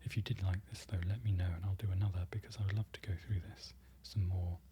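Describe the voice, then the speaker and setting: A man speaking in a soft-spoken, often whispered ASMR style, slowly and carefully repeating foreign phrases and correcting himself as an apologetic learner. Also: low voice, steady tone, a little hiss or hum. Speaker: ASMR creator learning a language.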